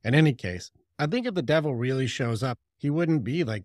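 Man in casual chat, energetic storyteller, mid-pitched, dry close sound. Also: brisk, dry recording. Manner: animated storyteller, lively with impressions and asides. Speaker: podcast co-host. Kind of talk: casual conversation.

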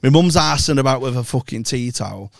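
A man's voice: mid-range voice, expressive, brisk, creaky, no echo, clean studio sound. A man on a casual podcast, telling rowdy family stories full of swearing and acted-out voices. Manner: swearing storyteller acting out family scenes. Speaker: podcast co-host. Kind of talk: casual chat.

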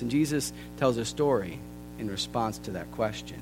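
A man preaching a sermon, earnest and deliberate, his voice softening at the ends of phrases. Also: medium pitch, expressive. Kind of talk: sermon with scripture reading. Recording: long hall reverb with faint music.

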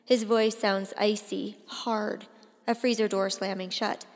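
A woman narrating a first-person audiobook in an expressive, deliberate way. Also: medium pitch, big-room sound. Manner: expressive, slow and deliberate, rising to cries in dialogue.

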